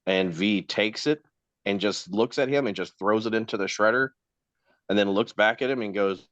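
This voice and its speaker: A man's voice: fairly low pitch, moderate pace, no echo. A man on a podcast, casually telling a profane work story and acting out the people in it. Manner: profane, animated storyteller doing quoted voices. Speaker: podcast co-host. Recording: dull lo-fi sound.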